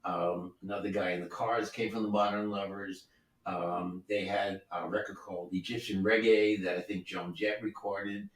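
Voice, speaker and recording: Low-voiced older man telling studio stories. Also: level tone, moderate pace. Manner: easygoing, rambling, with many asides. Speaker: record producer and guest musician. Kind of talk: relaxed anecdotal storytelling. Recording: roomy sound, distant from the mic.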